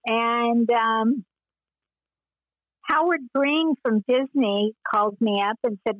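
An older woman and former child actress, telling stories in an interview with meandering pauses and frequent laughs. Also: fairly high pitch, dry recording, phone-quality sound. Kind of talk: reminiscing interview.

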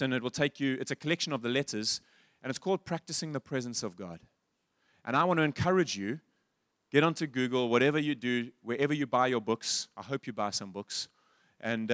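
A male pastor delivering a sermon in a fairly high voice, animated and climbing higher and louder when he quotes. The sound is dry and close, with little room around it. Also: dry recording. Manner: animated, rises high and loud when quoting.

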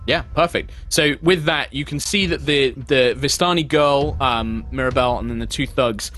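A man's voice: medium pitch, moderate pace, a bit bright. A man, narrating a tabletop game as game master with flowing, descriptive speech full of small fillers.

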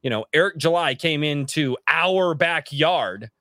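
Male podcast host, fairly high and very animated, casual and profane, acts out quotes; dry close sound. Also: a little slow, no room sound.

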